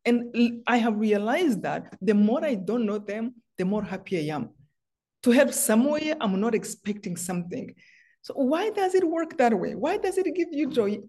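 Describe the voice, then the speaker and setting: Warm-voiced woman telling heartfelt stories. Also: on the high side, big pitch swings, moderate pace. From Rwanda. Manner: heartfelt, personal storytelling with many restarts. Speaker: guest author. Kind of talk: faith interview.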